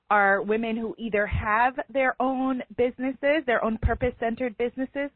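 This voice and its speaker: A woman's voice: mid-range voice, no echo. Woman podcast host, encouraging and chatty, narrow phone-like sound. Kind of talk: podcast interview. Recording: tinny phone line, dry.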